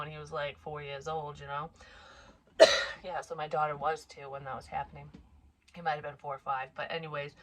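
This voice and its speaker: A woman in her forties with a slightly low voice tells a personal story, frank and full of swearing. She talks in a chatty, rambling way with asides. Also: a bit bright. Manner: frank and heavily profane. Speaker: psychic medium vlogger. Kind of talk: casual storytelling.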